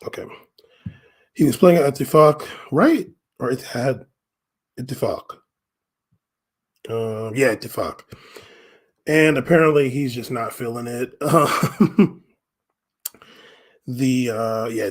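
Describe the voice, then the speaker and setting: Guy hosting a podcast, rambly and slangy, laughs a lot, mid pitch. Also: takes it slowly, pauses often. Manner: rambling, slangy, laughs often, lots of fillers. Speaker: podcast host. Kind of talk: casual solo commentary.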